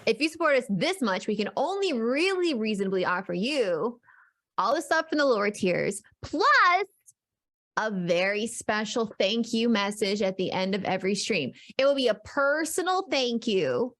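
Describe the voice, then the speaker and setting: A woman co-hosting a live stream, addressing her chat in an animated way and repeating words as she builds up. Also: medium pitch, moderate pace. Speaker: podcast co-host.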